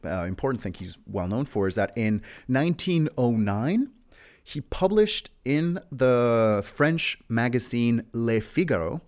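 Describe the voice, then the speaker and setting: A man's voice: mid-range voice, animated, unhurried, darkish tone. A young man hosting a casual history podcast, telling the story in a playful, teasing way with jokes along the way. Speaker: podcast host.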